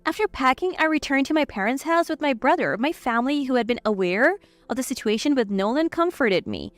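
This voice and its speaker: Woman narrator for a scripted drama story, high and animated, dry close read. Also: a little fast, dry recording. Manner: lively, cold when retorting.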